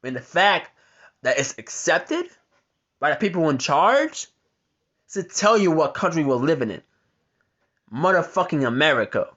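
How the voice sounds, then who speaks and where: A man's voice: fairly high pitch, big pitch swings, unhurried, pauses often, fairly bright tone, muffled recording. A man doing reaction commentary on a news article, ranting with heavy profanity and stumbling over his reading. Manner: stumbles while reading aloud. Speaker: commentary vlogger.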